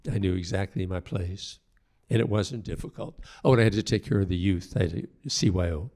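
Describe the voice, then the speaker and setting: This is an older male priest with a low, gravelly voice and a dark, mellow tone. He tells his stories slowly and reflectively, often breaking off and starting a sentence again. He acts out the voices of the people he quotes. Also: fairly even intonation. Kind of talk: storytelling talk.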